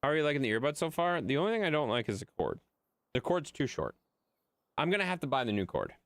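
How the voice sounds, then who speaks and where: A man's voice: fairly high pitch, very animated, fast, no room sound. A man chatting casually to his viewers during a livestream, rambling and swearing freely. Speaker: game streamer.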